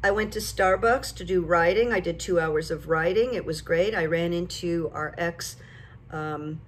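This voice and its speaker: An older woman chats straight to her viewers in a casual vlog, telling everyday stories. Her manner is chatty and lively, and it gets animated whenever she retells a moment. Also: lowish voice, moderate pace, a little hiss or hum. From United States. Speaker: vlogger and psychic coach. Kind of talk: casual talk to camera.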